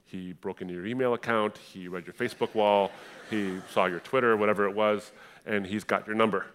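A young adult man from the Middle East giving a passionate personal testimony in a sermon style, moving between hushed and fiery delivery. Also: lowish voice, steady tone, brisk, slight background noise.

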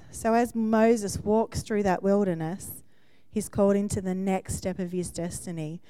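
A woman's voice: medium pitch, fairly even intonation, measured pace, smooth, dry recording. A woman in her forties preaching a sermon in a conversational style, checking in with the listeners as she talks. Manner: warm, conversational preaching with frequent "yeah?" check-ins and laughs.

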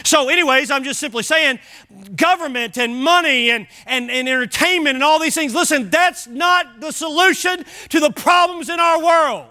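A man preaching a sermon as pastor, driving points home with shouted emphasis and rhetorical questions. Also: extremely high pitch, moderate pace.

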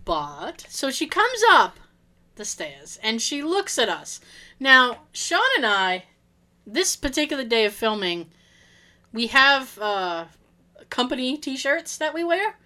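Woman podcast co-host, bright tone, lively storyteller who quotes people. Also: high-pitched, takes it slowly. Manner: animated, laughing, acts out quotes. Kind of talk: casual storytelling chat.

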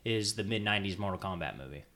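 Bright-voiced enthusiastic man chatting films. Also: low voice, animated, fast. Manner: enthusiastic, rambling with many fillers. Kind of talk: casual movie podcast chat.

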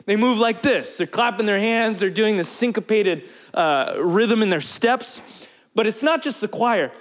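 A man preaching, telling a personal story in a lively, animated way and acting out the quotes. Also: high voice, measured pace. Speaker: pastor. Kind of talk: storytelling sermon.

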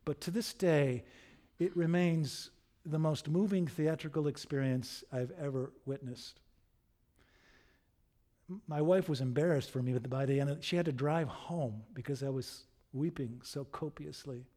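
A man preaching a sermon, telling a story in an expressive, animated way. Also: fairly high pitch, unhurried.

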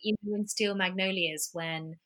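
An English actor from England, talking from her London home over a remote call as a podcast guest, speaks in a mid-range voice at normal speed. She chats casually and tells animated stories packed with fillers.

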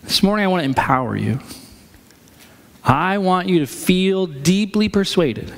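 Pastor preaching in a reverberant hall. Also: male voice, a little high, a little hiss or hum. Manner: conversational, acts out quoted voices. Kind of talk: sermon. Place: church sanctuary.

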